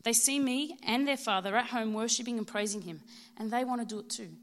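A woman in her thirties with an Australian accent, giving a prepared personal testimony at church in a heartfelt, measured way. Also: fairly high pitch. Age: 30s.

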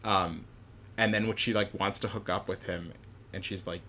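Young guy rambling about a movie, lowish voice, lots of "like", bit of hiss. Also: steady tone, moderate pace, sharp tone. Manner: rambling, many "like" fillers, acts out quotes. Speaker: podcast co-host discussing a film. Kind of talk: casual chat.

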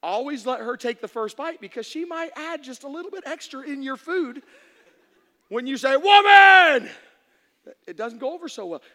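A man preaching a sermon as pastor, animated, acting out voices and shouting for emphasis. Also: very high voice, fairly quick. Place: church sanctuary. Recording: echoey hall reverb.

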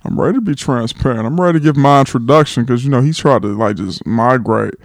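Young dude from LA, candid casual chat, kinda gravelly, dry close mic. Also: male voice, medium pitch, quick pace, no echo. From California, Los Angeles. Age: 20s. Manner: candid, reflective, laughs readily. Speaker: guest co-host.

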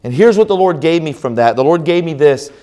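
A middle-aged man preaching a conference sermon, telling a story with repeated restarts and reading scripture slowly. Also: a little high, expressive, warm tone. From American South. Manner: slow, solemn scripture reading. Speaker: pastor.

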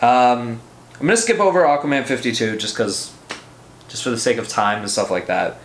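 A man hosting a casual comic book review podcast, excitable and profane, rambling with lots of fillers. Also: medium pitch, moderate pace, echoey room, background noise.

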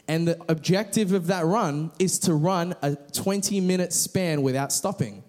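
Male preacher, casual sermon, conversational, lots of restarts, a bit high-pitched. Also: moderate pace, hardly any pauses, darkish tone. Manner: conversational, many restarts and fillers.

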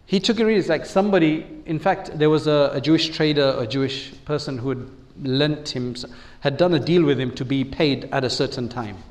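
A man's voice: a little high, darkish tone. A man giving an Islamic talk in a conversational way, asking listeners questions and acting out quotes. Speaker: preacher.

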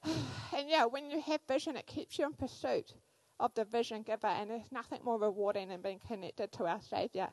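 A woman in her thirties, a church speaker giving a sermon, telling animated personal stories with frequent fillers. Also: a little high, normal speed, dry recording, low-quality recording.

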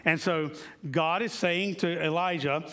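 A man preaching a sermon to a church congregation in a conversational way, repeating key lines and slowing down for emphasis. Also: a little high, sharp tone. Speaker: pastor.

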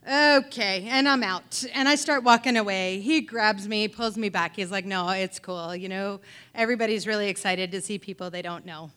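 A middle-aged woman telling a personal story on a theater pub stage, animated and wry, swinging between loud and hushed delivery. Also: mid-range voice, normal speed, clear, resonant tone.

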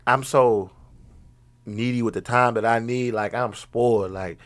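A man, a father, chatting casually with friends in slangy, profane talk and animated retellings of his kids. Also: mid-range voice, unhurried. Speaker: father in a group chat. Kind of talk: casual banter, storytelling.

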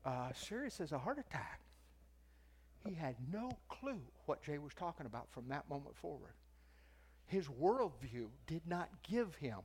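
An older man gives a sermon in the easy tone of a teacher telling a story. His voice sits a little high for a man. He leans into the quoted lines. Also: darkish tone, breathy edge. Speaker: preacher and teacher.

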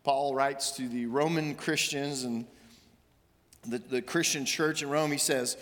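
A man's voice: medium pitch, fairly even intonation, a little slow, fairly bright tone, long reverb tail. A man, a senior minister, preaching a sermon and reading scripture aloud with earnest, rising emphasis. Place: church sanctuary.

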